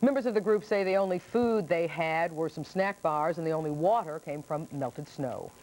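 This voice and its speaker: A woman news anchor reading the evening news in a crisp, measured way. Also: sits low, a little mellow.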